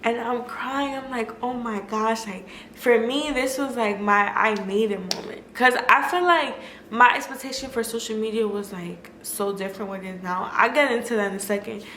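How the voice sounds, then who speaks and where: A woman's voice: a little high, moderate pace, bright, forceful tone. A young woman vlogger telling a personal story in a candid, casual way, with lots of "like" and cursing. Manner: candid and emotional, filler-heavy, swears freely. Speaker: food vlogger. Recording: echoey room with faint noise.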